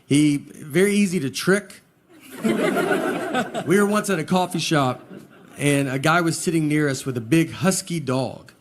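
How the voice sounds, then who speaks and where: A man doing stand-up comedy, telling long anecdotes in a low-key, rambling way. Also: unhurried, long pauses, noisy background. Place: comedy stage before a live audience. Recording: live show with audience laughter. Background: audience laughter and room ambience.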